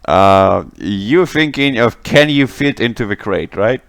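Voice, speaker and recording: Man, game master, tabletop narration, slow, animated pitch. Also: vocal fry. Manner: unhurried, lively narration with laughs.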